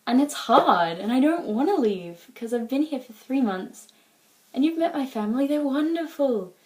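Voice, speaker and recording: An Australian woman chatting straight into her camera, a bit high-pitched but with a soft, mellow tone. She rambles and loops back, sprinkling "like" and "um" through every thought. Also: expressive, normal speed. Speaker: exchange student vlogger. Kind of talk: casual chat to camera.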